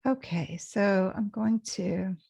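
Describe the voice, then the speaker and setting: A woman teaching English pronunciation in a patient lesson, repeating phrases slowly so learners can follow. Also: medium pitch, fairly even intonation, vocal fry, warm tone, breathy edge, no room sound, studio quality. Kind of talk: slow explanatory lesson.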